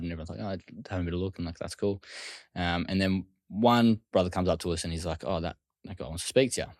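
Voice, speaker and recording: A deep-voiced Australian man tells a story at a brisk pace. He talks casually and slips into quick quoted voices for other people. The sound is dry and close. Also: dry recording. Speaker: guest.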